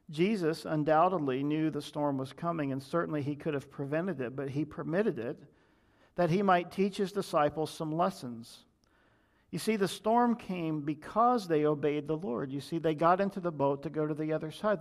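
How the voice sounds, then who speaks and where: A man preaching a sermon and pastoring his listeners. He explains a scripture passage and keeps asking them rhetorical questions. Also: fairly high pitch.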